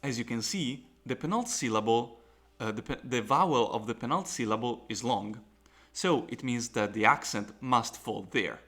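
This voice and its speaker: A man's voice: medium pitch, normal speed, fairly bright tone. A man teaching a recorded lecture on pronunciation, explaining carefully with fillers and restarts. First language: Italian. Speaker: Latin teacher.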